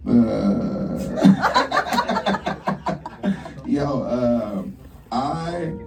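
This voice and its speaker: A young male stand-up comic on a club stage, talking brash and profane. He has a dark, mellow tone and acts out his stories with sudden high jumps in pitch. He sounds set back from the mic. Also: normal speed, far from the mic. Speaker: stand-up comedian. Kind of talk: stand-up routine.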